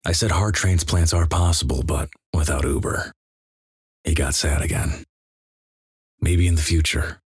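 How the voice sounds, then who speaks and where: A man reads an internet story aloud in a flat, deadpan delivery. His voice is extremely low and noticeably husky. The sound is dry and close, with no room echo. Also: unhurried, long pauses. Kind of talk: reading a greentext story.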